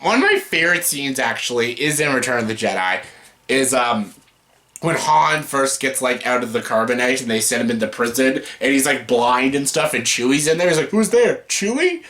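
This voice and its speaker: A man hosting a casual movie chat, excitable, swearing freely and laughing often. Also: medium pitch, brisk. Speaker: YouTube host.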